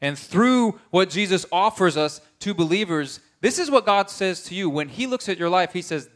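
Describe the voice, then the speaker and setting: A man's voice: high-pitched, lively intonation, moderate pace, few pauses, fairly bright tone. A man preaching a conversational sermon, earnest, often checking in with his listeners.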